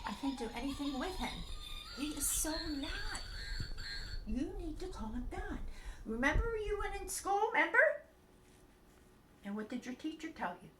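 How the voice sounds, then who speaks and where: An older woman who hosts a children's bedtime story show, chatting in an animated, sing-song way with puppets. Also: high-pitched, normal speed, long pauses, music in the background. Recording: echoey room.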